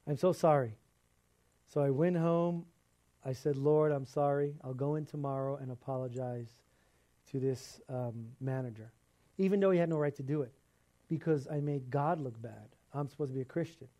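Mellow-voiced man preaching a story. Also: on the high side. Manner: conversational storytelling, animated quoting. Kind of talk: sermon with personal story.

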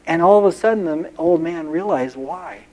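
Pastor guy giving a sermon, warm mellow voice, earnest, repeats his lines for effect. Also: on the high side, moderate pace. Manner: earnest, repeats key phrases, tells illustrative stories.

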